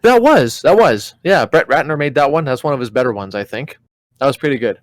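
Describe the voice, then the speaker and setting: A man co-hosting a podcast, casually ranting about disappointing movies with animated storytelling and plenty of swearing. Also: mid-range voice, fast talker, no room sound. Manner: animated storytelling, mimics people mid-rant, swears freely. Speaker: podcast co-host. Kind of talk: casual chat.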